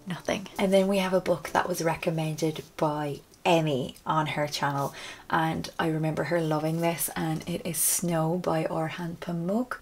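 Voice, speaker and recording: On her book vlog, a woman with a fairly low-pitched voice chats her way through a casual bookshelf tour. She's self-deprecating and drops into soft, whispered asides.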